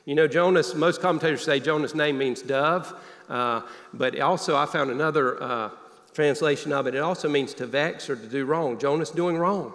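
A man preaching a sermon, telling a personal story in an earnest voice that often drops low and quiet. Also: normal speed. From Northeast Alabama. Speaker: pastor. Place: church sanctuary. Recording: long hall reverb.

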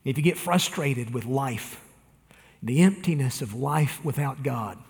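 A man's voice: mid-range voice, expressive, measured pace, vocal fry, a little mellow, big-room sound. A man preaching a sermon, talking earnestly and appealing directly to his listeners. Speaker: pastor.

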